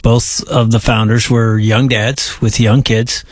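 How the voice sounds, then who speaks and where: Pastor, 40s, affirming and anecdotal, mid-pitched, dry close mic. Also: male voice, flat delivery, takes it slowly, no room sound. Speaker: pastor and co-host. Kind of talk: casual conversation.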